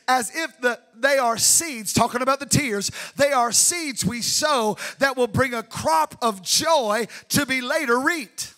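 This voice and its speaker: A man preaching a sermon, fervent, swinging between shouted peaks and hushed tender asides. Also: extremely high pitch, measured pace, hardly any pauses. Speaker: pastor. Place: church sanctuary.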